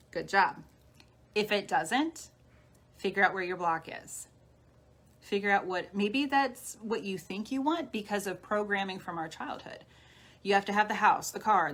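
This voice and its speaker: A woman healer giving a live-streamed talk, guiding listeners gently through steps like a coach. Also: medium pitch. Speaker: spiritual healer. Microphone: phone or webcam on a live stream.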